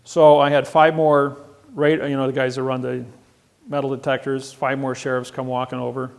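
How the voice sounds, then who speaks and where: A man giving a seminar lecture, telling courtroom stories and acting out the exchanges with a raised voice, self-assured with halting restarts. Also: medium pitch, flat delivery, vocal fry. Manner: storytelling, acts out quoted exchanges with raised voice.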